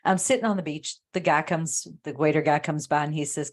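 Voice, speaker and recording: A woman co-hosting a podcast over a video call, telling stories in a casual, animated way. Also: deep voice, normal speed. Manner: animated storyteller, acts out the voices in her stories. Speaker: podcast co-host. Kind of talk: casual chat.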